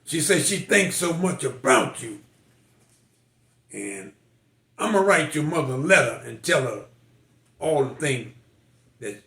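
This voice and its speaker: A man's voice: medium pitch, expressive, measured pace, pauses often, a bit bright, roomy sound. An older man, a military veteran, telling personal stories in a folksy, emotional way. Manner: folksy, emotional storytelling with quoted voices. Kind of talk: personal storytelling.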